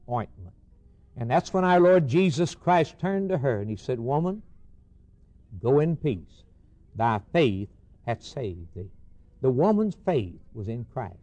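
A man preaching a sermon, rising to emphatic peaks and dropping low and soft, quoting scripture in old wording.

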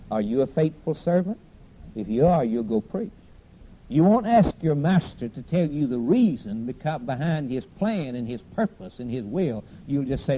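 A man preaching a sermon on the radio, impassioned, rising to cries and dropping to a hush. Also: medium pitch, animated, normal speed, dull audio, slight background noise.

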